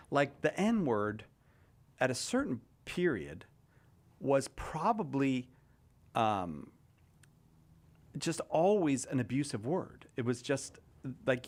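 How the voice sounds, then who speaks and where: A man hosting a radio talk show, chatting casually with a panel and thinking aloud with lots of restarts. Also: mid-range voice.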